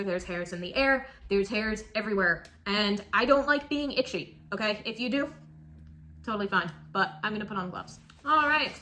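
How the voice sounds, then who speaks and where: A young woman who keeps tarantulas gives a casual, chatty tutorial demonstrating how to ship them. Her medium-pitched voice sounds pushed and bright, with emphatic points and cooing asides.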